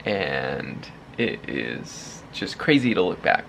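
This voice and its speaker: A man in his thirties vlogs casually to a handheld camera from his third-floor home office, chatty and laughing often. His very deep, gravelly voice is slow with big pitch swings, and there's noise in the background.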